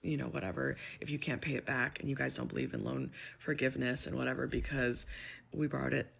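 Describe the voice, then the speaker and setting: A woman's voice: rumbling low, fairly even intonation, quick pace, gravelly, slightly rough. A woman in her twenties telling her own story, exasperated and emotional, close to tears. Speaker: public sector worker telling her story. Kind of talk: personal story video.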